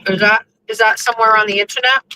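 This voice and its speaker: A woman's voice: a little high, fairly even intonation, fast, sharp tone, slight background noise, rough recording. A young woman host chatting casually to her listeners while driving, rambling and cursing in exasperation. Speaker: show host.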